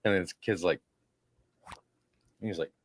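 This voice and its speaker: Speaking a little slowly in a deep voice, a male podcast co-host tells crude stories during casual chat. He acts out the people in them with put-on voices, keeping the storytelling animated.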